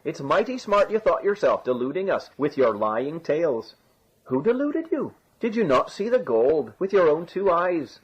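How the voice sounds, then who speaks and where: A man voicing a sly young rogue, wheedling and boastful, in a high voice. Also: very animated, moderate pace, breathy edge. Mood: innocent, mocking. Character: sly young Irish rogue, quick-tongued trickster. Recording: dull lo-fi recording.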